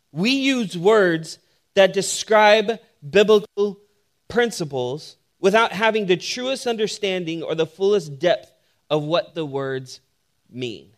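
A man with a notably high voice delivers a sermon as a pastor. He tells stories with humor and lively timing, then settles into steady teaching. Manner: humorous storytelling, animated when telling the joke. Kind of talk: sermon with personal story.

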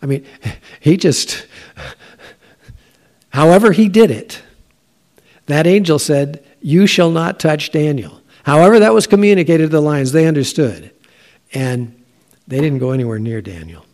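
A man giving a conversational Bible teaching, talking in a halting way with frequent filler sounds. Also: on the high side, lively intonation, a little mellow.

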